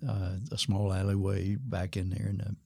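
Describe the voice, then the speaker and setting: A man's voice: low-pitched, completely flat delivery, creaky, mellow. An older man, a former missionary pastor, telling a story in an interview and acting out the lines of the people in it. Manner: unhurried storytelling that acts out quoted dialogue.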